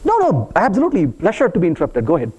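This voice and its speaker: A man's voice: sits high, huge pitch swings, racing, a little mellow, slightly rough. A man giving a live technical conference talk, playful and teasing with the audience as he walks through code. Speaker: conference speaker. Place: conference hall.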